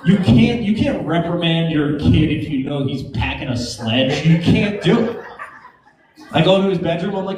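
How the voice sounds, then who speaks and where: A man's voice: fairly high pitch, lively intonation, normal speed, darkish tone. A man doing a stand-up comedy set, loose and joking, working the crowd with laughing asides. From Greek heritage. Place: comedy club stage. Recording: echoey club with audience.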